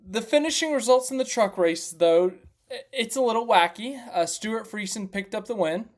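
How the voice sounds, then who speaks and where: A man's voice: sits high, lively intonation, moderate pace. A young man hosting a casual live stream, chatting and joking as he recaps racing and greets viewers by name. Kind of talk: casual motorsport recap chat.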